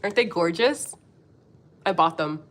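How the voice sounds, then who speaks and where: A woman's voice: on the low side, expressive, measured pace. A woman from Philadelphia with a Philadelphia accent, chatting on a livestream as host, blunt and profane, laughing often as she reads comments. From Philadelphia, United States. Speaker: livestream host, angel medium. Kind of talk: casual livestream chat reading comments.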